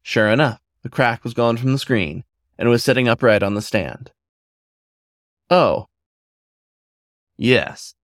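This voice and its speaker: A man reading a story aloud as narrator in an even, measured way. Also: medium pitch, no echo, clean studio sound.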